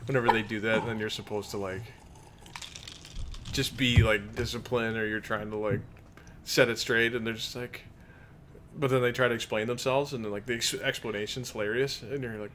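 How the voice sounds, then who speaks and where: A man co-hosting a casual podcast, talking about his kids in a low-key, laid-back way. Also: steady tone, moderate pace, a bit bright, a little hiss or hum. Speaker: podcast co-host.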